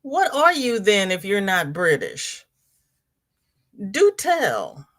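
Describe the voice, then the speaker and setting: A woman's voice: medium pitch, huge pitch swings, slow pace, fairly bright tone. A woman hosting a casual livestream from home, reading viewers' comments aloud and answering them in a chatty way. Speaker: livestream host.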